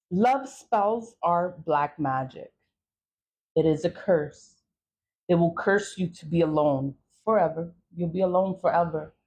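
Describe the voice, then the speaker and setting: A woman's voice: fairly low pitch, a little hiss or hum. A woman talking straight to camera in a blunt, profane warning rant, telling stories with lots of energy. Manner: blunt, profane, animated storytelling. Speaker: vlogger.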